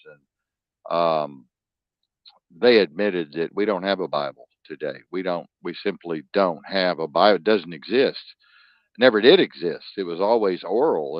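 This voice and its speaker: A man with a low voice hosts a talk show, ranting bluntly and profanely in a rambling, emphatic way. He is a podcast host, and the recording sounds dull, lo-fi, and dry, with no echo.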